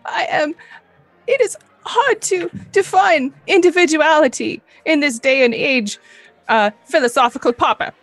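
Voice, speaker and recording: A woman's voice: high-pitched, a little slow, no echo, soft background music, voice pushed up. A woman voicing a talking meatloaf that speaks in a grandly formal, old-fashioned way. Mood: grandiose. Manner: grandly formal, archaic speech. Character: talking meatloaf, pompous and gentle, high-voiced.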